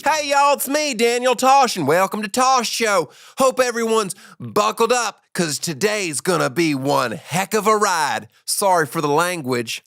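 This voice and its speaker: A bouncy, over-cheerful show-opener voice, as a man puts it on, pitched well above his usual talk. The patter is bright and eager, and it sits high in the voice throughout. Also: animated, measured pace, few pauses, no echo, studio quality, faint music behind, exaggerated voice. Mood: chirpy.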